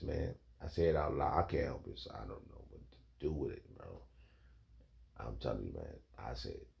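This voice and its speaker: A man's voice: low voice, creaky, warm tone. A man preaching in a rambling, emphatic way, reading scripture and calling his listeners "man" and "bro". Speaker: informal preacher.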